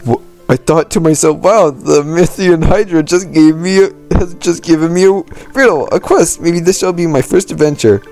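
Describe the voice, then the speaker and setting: A man's voice: medium pitch, measured pace, warm tone, soft background music, lightly acted. A man reading as a clumsy unlucky adventurer. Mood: rueful. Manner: self-deprecating storytelling, stumbles over hard words. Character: clumsy, unlucky, anxious young tavern adventurer. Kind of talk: reading game dialogue aloud.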